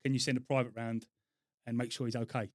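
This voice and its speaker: A man's voice: medium pitch, level tone, fast, no echo, studio quality. A man co-hosting a podcast, chatting casually with laid-back, mumbled asides. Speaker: podcast co-host. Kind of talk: casual chat.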